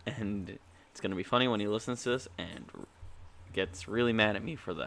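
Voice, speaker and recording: A man's voice: fairly low pitch, brisk, creaky, fairly bright tone. A man co-hosting a podcast in casual chat, teasing his friend and laughing often. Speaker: podcast co-host.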